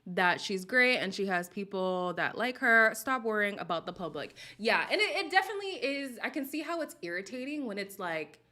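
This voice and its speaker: Animated, sassy woman chatting. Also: medium pitch, moderate pace, hardly any pauses. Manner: animated, sassy, talks straight to viewers. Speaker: reality TV commentator. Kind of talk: casual chat.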